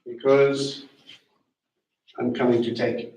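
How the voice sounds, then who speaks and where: A man's voice: mid-range voice, muffled recording. Man teaching in an echoey hall. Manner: animated, questioning, slows to stress key words. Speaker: teacher leading a Passover Seder. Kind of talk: sermon-style teaching. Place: congregation hall. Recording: echoey room, voice from a distance.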